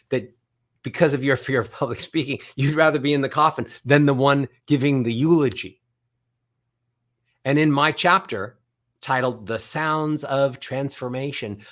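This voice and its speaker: A middle-aged man, a voice coach, giving an animated motivational talk and swinging his voice up and down to show melody. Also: medium pitch. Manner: animated, demonstrates voice melodies by singing up and down. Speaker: voice coach and author.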